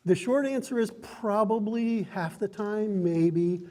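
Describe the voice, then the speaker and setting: A man with a high-pitched yet warm, mellow voice runs a tabletop game session as game master. He explains the rules to his players in an upbeat, chatty way and often laughs as he talks. It was recorded in a card and game shop. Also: slow, long reverb tail, a little hiss or hum.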